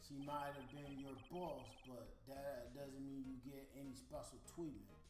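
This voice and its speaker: Guy doing a gruff bossy cop voice, barks at people, calls em pal, echoey room, game music playing. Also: medium pitch, fairly even intonation, normal speed, lightly acted. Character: gruff blustering male police detective.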